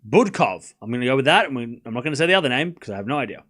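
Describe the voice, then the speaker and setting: With a mid-range voice at a racing pace, a man hosts a live tennis watchalong. He's animated and joking, calling out the scores and chatting with his viewers in casual live commentary.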